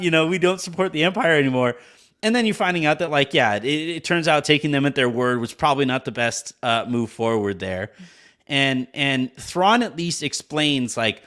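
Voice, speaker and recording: Chatty male podcast host, halting. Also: fairly high pitch, fairly bright tone. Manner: halting, many restarts, laughs at own jokes. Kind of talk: casual podcast chat.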